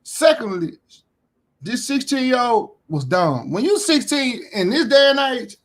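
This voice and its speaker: A man giving casual reaction commentary, blunt and heated, repeating himself, swearing freely and rising to shouts when indignant. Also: very high voice, very animated, a little slow.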